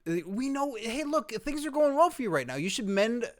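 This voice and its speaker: A man co-hosting a comedy podcast, playful and quick to tease. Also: extremely high pitch, very animated. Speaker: podcast co-host. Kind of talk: casual comedy podcast chat.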